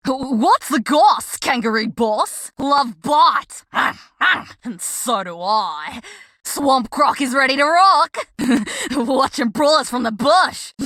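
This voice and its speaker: A woman's voice: sits high, pushed and bright, no room sound, heavily acted. A woman voicing a playful, menacing female crocodile assassin in a game, with a thick Australian accent and exaggerated slang. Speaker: game character. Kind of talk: game voice lines.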